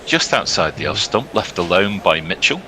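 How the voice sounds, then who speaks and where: A male cricket commentator giving brisk, upbeat ball-by-ball commentary and laughing easily. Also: sits low, big pitch swings, sharp tone, poor audio.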